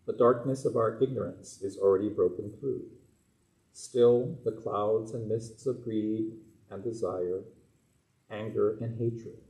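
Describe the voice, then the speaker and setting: A man giving a calm, measured dharma talk as a minister. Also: on the low side. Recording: echoey room.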